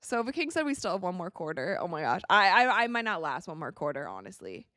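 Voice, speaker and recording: An excitable woman from the United States giving casual live commentary while watching a game, tired and yawning, with quick reactions and frequent laughs. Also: fairly low pitch, no room sound, studio quality. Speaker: live-stream sports commentator.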